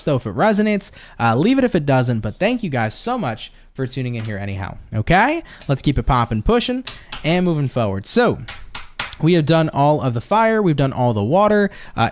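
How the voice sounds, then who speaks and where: An upbeat man from the United States hosts a casual live-stream tarot reading. His voice sits a little high for a man and swings widely in pitch. He talks with loose swearing and pep-talk catchphrases, and he chats with viewers between cards. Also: big pitch swings, moderate pace. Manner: chats with viewers and reads their comments.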